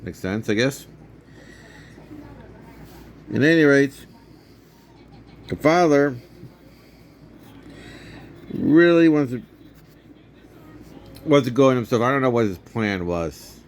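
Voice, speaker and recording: A man's voice: mid-range voice, expressive, slow pace, pauses often. A man in his fifties casually retelling and reviewing a movie for his vlog, rambling with many restarts.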